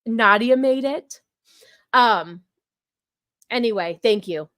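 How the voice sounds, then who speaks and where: Woman host reacting to chat on a stream, slightly high, dry close recording. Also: takes it slowly, fairly bright tone, no room sound. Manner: talks back to chat, many fillers and repeats. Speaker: livestream host. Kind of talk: casual livestream commentary.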